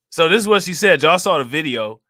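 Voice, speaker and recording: On the high side and sharp in tone, this reaction channel host's voice is studio quality, free of room sound. He talks to his viewers emphatically and heatedly, packing in rhetorical questions.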